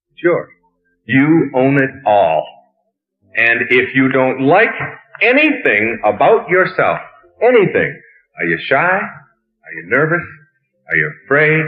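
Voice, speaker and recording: A man giving a lively motivational lecture, telling stories and firing off rhetorical questions. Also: mid-range voice. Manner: storytelling, animated, rhetorical questions. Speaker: motivational speaker. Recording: tinny phone-like lecture recording.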